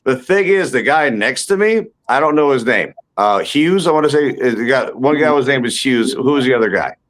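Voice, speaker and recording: A man's voice: mid-range voice, lively intonation, brisk, fairly bright tone. A man, a guest actor and stand-up comedian, telling jokey stories in a casual interview, full of fillers and restarts from somewhere indoors. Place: indoors, tucked in somewhere warm.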